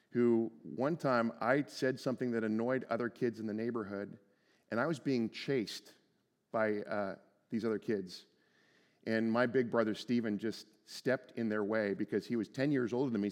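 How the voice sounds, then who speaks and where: A male pastor preaching a sermon, earnest, moving between hushed and emphatic delivery and often repeating words as he starts a phrase. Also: mid-range voice. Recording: long reverb from a large room.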